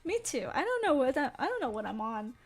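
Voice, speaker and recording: High-pitched giggly woman streamer. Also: big pitch swings, fast. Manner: giggly, rambling, laughs often. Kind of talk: casual live-stream chat.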